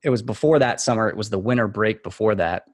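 A man from Texas, a podcast guest, telling a relaxed, rambling story full of fillers and restarts. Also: fairly low pitch, quick pace, breathy edge, dry recording, clean studio sound. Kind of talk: casual storytelling in a podcast interview.

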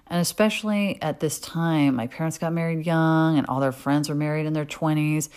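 A woman with a low-pitched voice talking in a candid personal monologue. She is middle-aged and blunt, swearing without hesitation, and circles back with plenty of ums and restarts. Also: clear, resonant tone. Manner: frank and profane, with many fillers and restarts. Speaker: podcast host.

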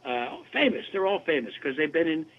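Older male guest, chatty and lively, fairly high voice, heard over a tinny phone line. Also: brisk. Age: 70s. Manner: animated, chatty anecdotes. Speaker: guest voice actor. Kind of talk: casual interview storytelling.

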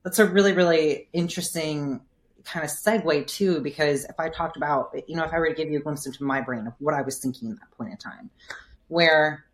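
A woman physical therapist and coach, talking through her thinking in a relaxed podcast interview, filling her speech with "like.". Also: sits low, a little fast, slight background noise. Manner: thoughtful, explanatory, frequent "like" fillers.

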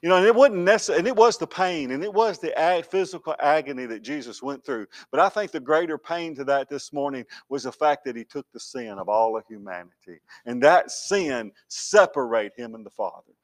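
A male pastor preaching a sermon to his congregation. He talks to them directly, climbs to shouted peaks and drops to soft, quiet lines. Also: medium pitch, dry recording.

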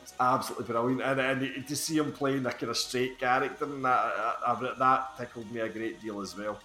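A man co-hosts a casual podcast in a bright, forceful voice. He talks enthusiastically, laughing and swearing as he goes. The room is echoey, with faint music in the background. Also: medium pitch, steady tone, fairly quick. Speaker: podcast co-host. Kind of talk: casual chat.

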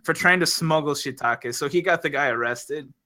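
A man's voice: a little high, moderate pace, sharp tone. A young man telling a film plot among friends in casual chat, rambling and profane, with lots of fillers.

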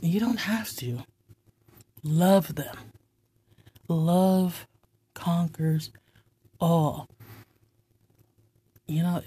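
A woman with a low, dark, husky voice delivers a heartfelt, faith-based monologue as host. She speaks slowly and earnestly, with tender passages that sink into a soft whisper. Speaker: host of an inspirational talk segment.

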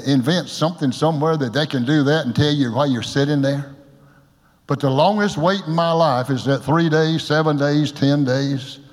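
An older male pastor with a high voice delivers a folksy, joking sermon. He breaks now and then into loud shouts. Long reverb from a church hall trails after his words. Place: church sanctuary.

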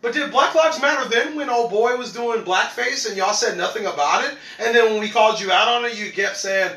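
A young man hosts a podcast, talking casually and animatedly, laughing often and acting out what other people said. His voice is high-pitched, brisk and sharp, with hardly any pauses. The recording is low-quality with a roomy sound.

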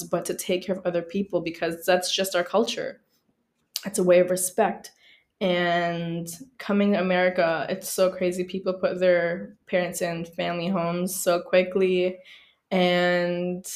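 A woman's voice: fairly low pitch, little pitch movement, measured pace. Earnest woman hosting a solo podcast. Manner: earnest, heartfelt, affirming. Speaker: podcast host. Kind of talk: casual solo podcast talk.

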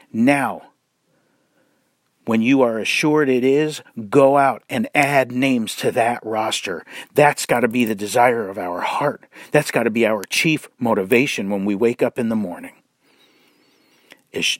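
A man preaches in a slow, measured delivery, leaning hard on words for emphasis. He is blunt and mocking, with sarcastic asides. The sound is close and dry, with no room around it. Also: medium pitch, dry recording. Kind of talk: sermon-style commentary.

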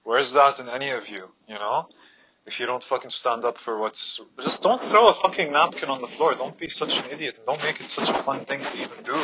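A man's voice: medium pitch, dull audio, background noise. A man on a heated personal rant, blunt, fired up and swearing freely.

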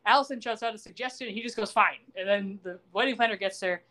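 A fast-talking woman with a medium-pitched voice hosts a podcast. In relaxed conversation she recaps a TV episode, bringing the story to life by performing the characters' dialogue.

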